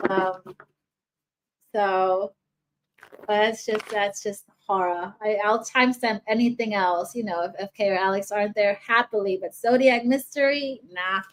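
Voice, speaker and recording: A woman's voice: medium pitch, slight background noise, rough recording. A woman giving a casual tarot reading to viewers, rambling with frequent restarts and asides. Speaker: tarot reader.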